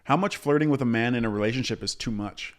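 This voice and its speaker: A man's voice: mid-range voice, fast. Joking, foul-mouthed man co-hosting a podcast. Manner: swears often, animated and joking, does mocking voices. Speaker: podcast co-host. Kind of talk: casual crude podcast banter.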